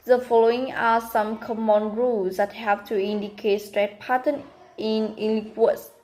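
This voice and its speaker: A woman whose first language is Vietnamese, reading a prepared class presentation slowly and carefully, pausing between words. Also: a little high, fairly even intonation, a little mellow, poor audio. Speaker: student presenter.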